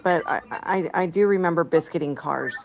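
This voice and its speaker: A woman's voice: low voice, moderate pace, creaky. Laughing middle-aged woman telling stories. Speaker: stream host. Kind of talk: casual storytelling chat.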